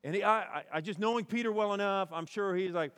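A male pastor preaching a conversational sermon, animated and acting out quoted lines in between. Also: high-pitched, fast, clean tone.

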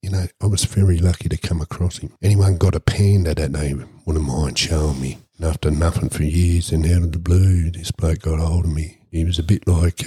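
A man with an Australian accent telling a crude, deadpan comic tall tale on a podcast, swearing constantly. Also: deep voice, slightly rough, no room sound, clean studio sound. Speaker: podcast host.

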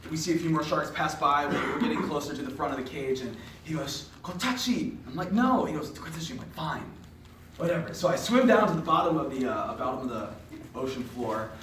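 A young man gives a personal faith testimony to a room of listeners, telling it as an animated storyteller with casual filler words. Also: a little high, fast talker. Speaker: podcast host giving a faith testimony. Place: indoor room with an audience. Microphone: distant mic. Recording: echoey room, distant mic, faint noise.

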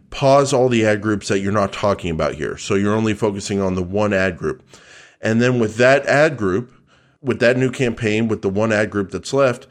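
A man co-hosting a podcast, answering a listener's question in a dry, matter-of-fact way. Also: on the low side. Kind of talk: casual explanatory talk.

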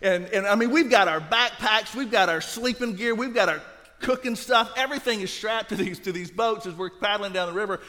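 Male pastor, high voice, emphatic sermon delivery that drops to a hush, long hall reverb. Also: fairly quick. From Louisiana. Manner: emphatic, swinging from loud to hushed.

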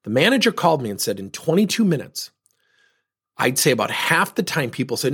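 Male coach host, husky voice with a swinging pitch, animated solo talk. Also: fairly quick. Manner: animated, rhetorical questions, acts out quoted voices. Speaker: leadership coach and podcast host.

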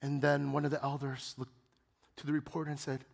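A man's voice: fairly high pitch, monotone, fairly quick, vocal fry, long reverb tail. A man preaching a sermon, telling a story dramatically and building to impassioned peaks.

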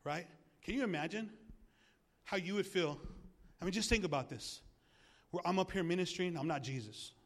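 A male pastor preaching a sermon in a church, animated and jokey, asking the congregation questions. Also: high voice, normal speed.

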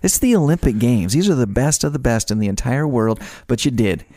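Dark-toned, dry-sounding male podcast host. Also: medium pitch, lively intonation, brisk, dry recording. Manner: enthusiastic fan, builds on the guest's points. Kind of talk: casual interview.

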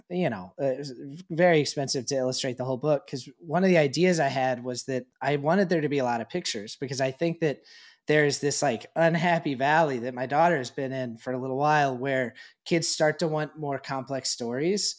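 An easygoing man co-hosting a casual podcast, his voice sitting a little high for a man. He rambles loosely, with plenty of filler words. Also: fairly quick. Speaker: podcast co-host. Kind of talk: casual chat.

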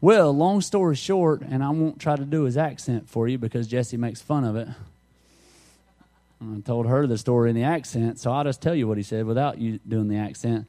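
A man's voice: mid-range voice, fairly even intonation, moderate pace, mellow. A middle-aged man, preaching a conversational sermon through folksy stories and jokes. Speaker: pastor.

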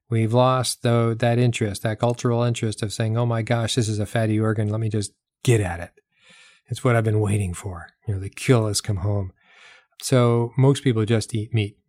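A man's voice: medium pitch, a little mellow, dry recording, studio quality. A man giving a casual explanatory talk as host, emphatic, repeating his points and asking rhetorical questions. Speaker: health talk host selling products.

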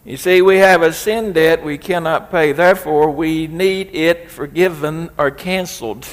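A man's voice: a little high, measured pace, in a large hall. A man preaching a sermon as pastor, reading scripture aloud with rising emphasis.

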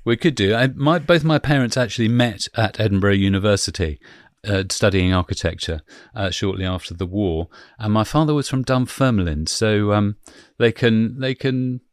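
A man's voice: lowish voice, moderate pace, no room sound, studio quality. A man hosting a podcast, chatty and leading the talk with questions. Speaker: podcast host. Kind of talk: casual podcast chat.

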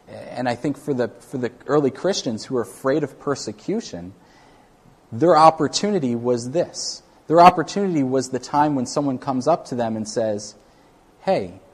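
A man's voice: mid-range voice, a little mellow. Man preaching in a conversational style. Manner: conversational preaching with frequent restarts. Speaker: pastor. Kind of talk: sermon.

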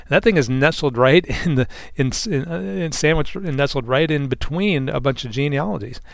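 A man's voice: a little high, normal speed, gravelly, dry recording. A man on a Bible discussion panel speaking earnestly and reflectively, often repeating words as he gathers his thoughts.

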